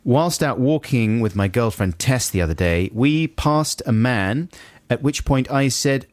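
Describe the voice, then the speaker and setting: A man's voice: medium pitch, measured pace, hardly any pauses, no echo. A man co-hosting a radio show, reading listener emails aloud with playful banter. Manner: playful, breaks into laughter, mimics quoted people. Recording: dry radio studio.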